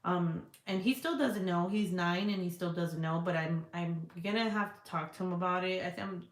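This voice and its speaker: A woman in her thirties chats on a live stream, reading viewer comments, swearing bluntly and laughing often. Her fairly low voice moves at a moderate pace, and the cold room at home gives it a roomy echo.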